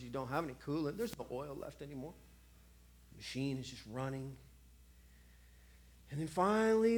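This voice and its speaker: Male preacher, theatrical sermon delivery, sharp loud-to-quiet swings, repeats phrases and plays out short dialogues. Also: a little high. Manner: dramatic, swings between loud outbursts and hushed lines; acts out little dialogues and repeats phrases for effect.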